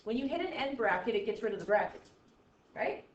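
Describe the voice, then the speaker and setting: Woman math teacher, kinda high voice, joking around a lot, echoey room, dull lo-fi sound. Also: big pitch swings, fairly quick, a little hiss or hum. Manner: playful, exaggerated, jokey asides. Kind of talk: classroom math lesson. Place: classroom.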